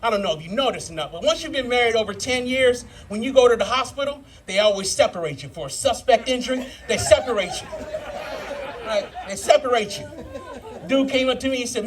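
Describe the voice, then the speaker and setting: A man's voice: very high-pitched, lively intonation, fairly quick, noisy background. A man in his fifties doing a live stand-up set, telling profane stories and working the crowd. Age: 50s. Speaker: stand-up comedian. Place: live brew pub comedy show.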